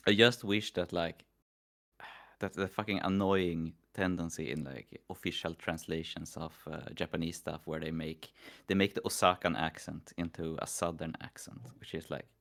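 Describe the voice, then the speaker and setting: A man's voice: low voice, steady tone, normal speed, vocal fry, fairly bright tone. A man from Sweden chatting casually on a stream, rambling and swearing often. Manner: profane, rambling.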